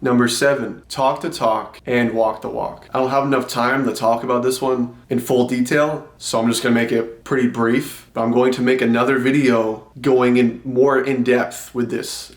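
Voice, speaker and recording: A young man lectures straight at the camera in a plain, mid-pitched voice, preachy and direct, tossing in "bro" to the viewer. The room around him is echoey and bare. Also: fairly even intonation, normal speed, hardly any pauses. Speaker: self-improvement YouTuber. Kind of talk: casual advice vlog.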